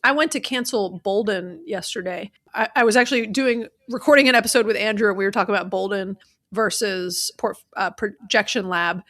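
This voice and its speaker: A woman from the American South co-hosts a money podcast in a medium-pitched, fairly quick and slightly bright voice. Her casual chat is loaded with fillers, and she acts out sample call scripts.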